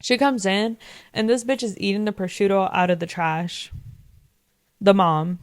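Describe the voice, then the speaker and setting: A woman's voice: mid-range voice, steady tone, moderate pace, dry recording. A young woman in her twenties casually recapping a TV episode, chatty and full of fillers, swearing freely. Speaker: vlogger.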